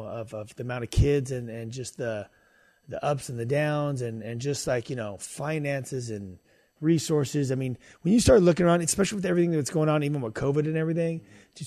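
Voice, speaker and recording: A man's voice: mid-range voice, a little mellow, no echo. A man who is a podcast guest, talking earnestly about faith in a casual way, with many fillers and restarts.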